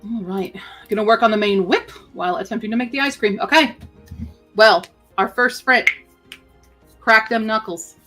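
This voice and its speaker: A woman's voice: a little high, normal speed, long pauses, pushed and bright, faint music behind. A woman hosting a casual writing-sprint livestream from home, chatting playfully and talking to her pet bird. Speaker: writing sprint stream host.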